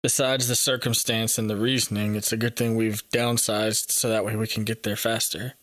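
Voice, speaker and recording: A man's voice: on the low side, little pitch movement, moderate pace, a bit bright, dry recording. A man playing his character in a tabletop game, speaking in a reassuring, upbeat way. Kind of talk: casual in-character play.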